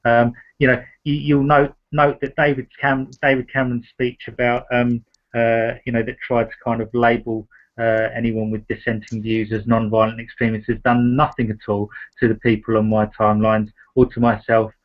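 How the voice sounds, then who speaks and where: A man hosting a discussion, talking in a halting way with many fillers and restarts. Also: mid-range voice, completely flat delivery. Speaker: host. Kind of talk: casual discussion. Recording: dull lo-fi sound.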